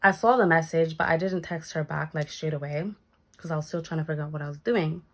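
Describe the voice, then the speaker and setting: A young woman tells a story for her vlog in a casual, chatty way. She slips into other people's voices as she goes, and her speaking voice sits fairly low. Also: quick pace. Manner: animated, acts out quoted lines, swears casually. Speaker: storytime vlogger.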